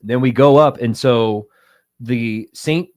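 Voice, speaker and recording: A man in his thirties from the United States, co-hosting a casual podcast and telling a travel story with lively quoted voices. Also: medium pitch, slow. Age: 30s. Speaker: podcast co-host.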